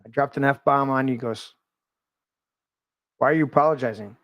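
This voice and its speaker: A man hosting a casual conversation, telling animated stories and swearing freely. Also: medium pitch, moderate pace, no echo. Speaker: podcast host.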